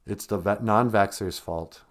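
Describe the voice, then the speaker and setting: A man with a fairly low-pitched, unhurried voice hosts a comedy podcast, delivering a satirical rant full of sarcasm and mockery.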